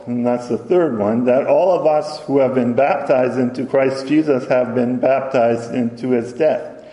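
A man giving a sermon, reading scripture slowly and carefully, stopping now and then to correct himself. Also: medium pitch, dark tone. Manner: slow, deliberate reading with self-corrections. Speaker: preacher. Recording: echoey hall with long reverb.

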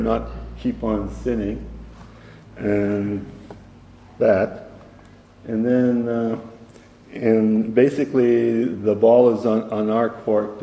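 Male Bible teacher, mellow low voice, slow and halting delivery, roomy hall sound. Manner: halting, frequent fillers, reads verses aloud. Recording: echoey hall with long reverb.

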